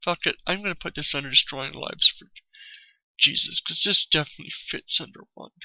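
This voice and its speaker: A vlogger vents in an angry, profane video rant, repeatedly saying "you know." His voice is a little high and a little fast. The audio is lo-fi with no room sound.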